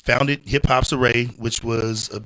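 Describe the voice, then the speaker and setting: Laid back guy chatting on a podcast, lots of you know what i'm saying, bright voice. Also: medium pitch, steady tone, unhurried, low-quality recording. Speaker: podcast guest, homebrewer. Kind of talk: casual chat. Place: indoors, seated at a table with beers.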